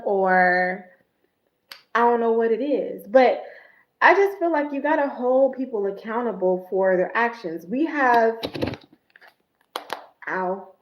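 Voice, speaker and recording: A woman, an esthetician, chatting on a casual livestream and telling stories in a blunt, animated way. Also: on the high side, roomy sound, poor audio.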